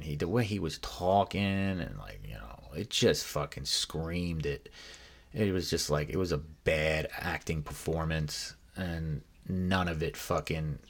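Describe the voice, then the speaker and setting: A man's voice: a bass voice, lively intonation, measured pace, gravelly. A man casually recounting a past run-in, rambling and swearing, often restarting, and acting out what others said. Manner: profane, rambling, with many fillers and restarts; acts out other people's lines in quoted voices. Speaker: guest recounting his past. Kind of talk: casual spoken storytelling.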